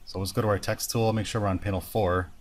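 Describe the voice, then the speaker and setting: An animation instructor with a fairly low male voice narrates each step of a screen-recorded drawing tutorial. He talks fast, in a relaxed, explanatory tone, as if thinking aloud.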